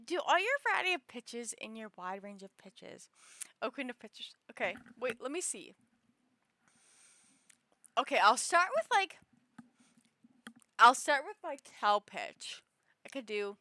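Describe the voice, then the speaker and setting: A woman's voice: a little high, animated, takes it slowly, pauses often, pushed and bright, no room sound. A young woman streaming, chatting casually with lots of giggles and fillers. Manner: giggly, filler-heavy rambling. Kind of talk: casual chat on a livestream.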